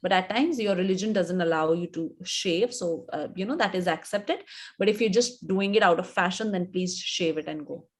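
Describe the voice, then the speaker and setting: A woman's voice: on the low side, moderate pace. A woman with an Indian English accent, an image coach in her thirties, giving instructive advice in a live webinar and repeating her points for emphasis.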